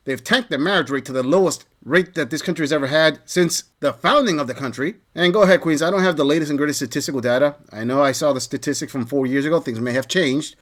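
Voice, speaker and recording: A man hosting a commentary channel, lecturing and mocking in reaction commentary. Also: fairly high pitch. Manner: mocking, lecturing, animated delivery.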